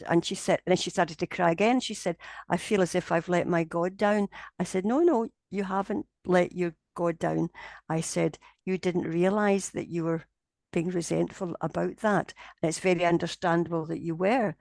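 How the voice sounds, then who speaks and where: A woman's voice: lowish voice, moderate pace, vocal fry, no room sound. A woman, telling a long story in an interview and acting out the people in it. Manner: animated storyteller, voicing the people in her tale. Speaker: interviewee, paranormal investigator.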